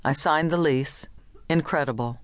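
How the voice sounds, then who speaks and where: A woman's voice: deep voice, moderate pace, dry recording, close to an everyday voice. A woman narrator voicing a middle-aged husband who talks in a wry, accusing way. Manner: sardonic, accusing.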